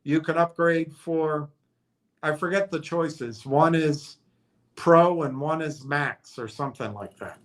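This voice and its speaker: A man's voice: fairly high pitch, slow, fairly bright tone. A man hosting a stock stream, speculating in a rambling, hesitant way with frequent restarts and fillers. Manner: rambling, hesitant, thinking aloud with many restarts. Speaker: stock commentator. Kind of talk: casual speculative monologue.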